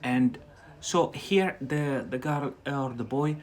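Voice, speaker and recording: A man's voice: mid-range voice, takes it slowly. A man with a Scottish-influenced accent teaching English on a casual livestream, chatty and loose, repeating words for his viewers. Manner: talks to viewers directly and stretches out key words.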